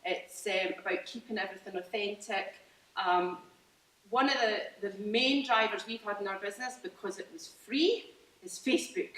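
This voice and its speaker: In an informal presentation, a farmer from Scotland tells an audience about her farm business, chatty and eager, often restarting and using fillers. She has a mid-range, slightly bright voice at normal speed, recorded from afar in a spacious hall.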